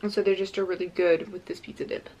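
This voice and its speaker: A young woman hosting a casual eating vlog, talking in a bubbly, excitable way and saying "like" a lot. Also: on the low side, quick pace, highs cut off. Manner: bubbly, excitable, says "like" often. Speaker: mukbang vlogger.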